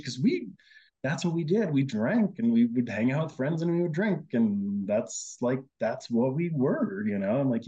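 A man's voice: medium pitch, big pitch swings, normal speed, dark tone, highs cut off. A man, a guest on the show, telling his side of a personal story in casual conversation, with lots of fillers and quoted lines of his own. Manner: chatty, quotes himself often, many fillers. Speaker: guest, host's husband.

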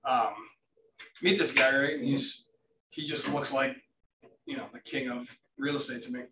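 A man's voice: medium pitch, normal speed, background noise. A man in his thirties, co-hosting a casual podcast chat, telling rambling stories and swearing freely. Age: 30s. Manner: rambling storyteller, swears freely, quotes others. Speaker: podcast co-host. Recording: roomy, distant from the mic.

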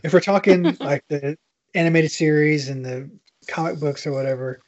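Relaxed man chatting as guest. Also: fairly high pitch, normal speed, lo-fi sound, slight background noise. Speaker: podcast guest. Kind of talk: casual chat.

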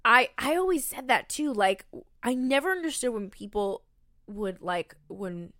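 A woman's voice: fairly high pitch, very animated, measured pace, bright, forceful tone, no room sound, studio quality. A young woman co-hosting a podcast in casual chat, rambling and emphatic, swearing freely. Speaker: podcast co-host.

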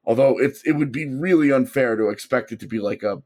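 Hoarse man talking sports. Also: medium pitch, brisk, a little mellow. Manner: thoughtful, hedging analysis. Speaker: podcast co-host. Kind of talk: casual sports talk.

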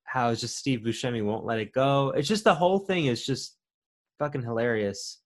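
A man's voice: mid-range voice, moderate pace. Amused man chatting about a film. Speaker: podcast co-host. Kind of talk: casual chat about a film.

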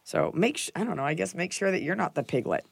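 A woman's voice: fairly low pitch, big pitch swings, quick pace, gravelly, husky, dry recording. A woman hosting a comedic podcast, chatting in a playful, jokey, rambling way. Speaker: podcast host. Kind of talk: casual comedic podcast chat.

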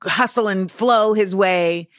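An American woman hosts a conversational podcast, reacting quickly and joking along with her guest. Her voice sits in the middle range for a woman. It is recorded dry and close, with no room sound. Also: mid-range voice, no echo. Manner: quick reactions, laughing asides. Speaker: podcast host. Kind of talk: casual podcast chat.

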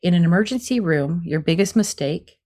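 A woman's voice: fairly low pitch, animated, fairly quick, dark tone. A middle-aged woman speaking as a parenting expert in an interview, earnest and explanatory, with frequent fillers. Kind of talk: conversational interview.

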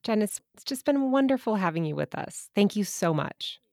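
A woman's voice: mid-range voice, lively intonation, moderate pace, gravelly, darkish tone, no room sound, clean studio sound. A woman hosting a podcast interview, summarizing and thanking her guest. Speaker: podcast host.

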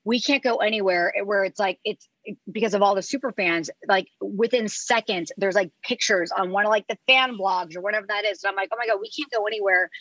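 A woman guest in casual podcast chat, telling stories in an animated way with lots of filler words and some swearing. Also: mid-range voice, fairly quick, dry recording, lo-fi sound. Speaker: reality TV show producer, podcast guest.

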